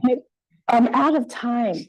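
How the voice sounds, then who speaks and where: A woman's voice: a little high, slow pace, a little mellow, low-quality recording. Woman presenter answering questions. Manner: conversational, with fillers and restarts. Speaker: conference presenter. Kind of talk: Q&A after a talk. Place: conference room.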